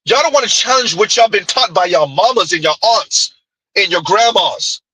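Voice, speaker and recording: A man with a high, husky voice delivers heated reaction commentary. He jumps all over his pitch as he fires off mocking rhetorical questions. The recording is dry and close. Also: expressive, normal speed, sharp tone, no room sound, poor audio.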